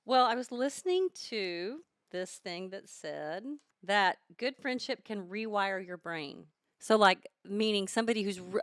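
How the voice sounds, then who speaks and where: Middle-aged woman, smooth and thoughtful. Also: mid-range voice, fairly bright tone, dry recording, studio quality. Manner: thoughtful, earnest advice-giving. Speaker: podcast co-host, mother. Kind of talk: casual chat.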